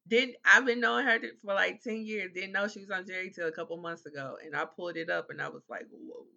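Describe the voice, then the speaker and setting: A man's voice: sits high, fairly even intonation, quick pace, creaky, bright, forceful tone. A young man co-hosting a podcast, easygoing, often agreeing with "right" and recapping stories at length. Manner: laid-back, agreeing with frequent "right", long recaps. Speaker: podcast co-host. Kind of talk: casual chat. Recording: slightly dull, lo-fi sound.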